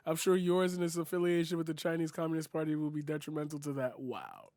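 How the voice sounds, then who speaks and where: Incredulous young man with a high, dry voice. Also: animated, fast, darkish tone, no room sound. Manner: incredulous, sarcastic, profane, lots of "like" and "bro". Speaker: commentary streamer. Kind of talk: reaction commentary.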